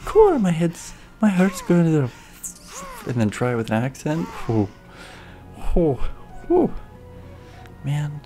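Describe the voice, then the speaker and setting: A woman's voice: sits low, big pitch swings, slow, pauses often, warm tone, soft background music. A woman streaming a video game, chatting casually with sarcastic asides. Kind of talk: casual gameplay commentary.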